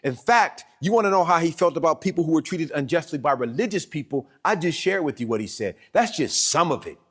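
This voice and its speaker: Southern male pastor, higher-pitched voice, lively emphatic sermon delivery. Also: a little fast, husky. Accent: Southern American. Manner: animated preaching with laughs and emphatic repeats. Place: church sanctuary.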